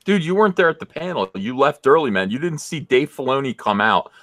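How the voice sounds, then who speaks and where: A man co-hosting a casual livestream chat, his pitch swinging widely as he tells stories in a blunt, mocking tone. The sound is dry and close to the mic, with no room around it. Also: fairly quick, no echo. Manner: blunt, mocking, animated storytelling. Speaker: co-host.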